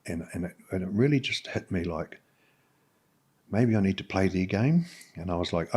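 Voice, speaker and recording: Husky low-voiced New Zealand man. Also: animated, darkish tone. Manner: frank, halting, with many fillers and restarts. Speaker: podcast guest. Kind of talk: candid personal storytelling.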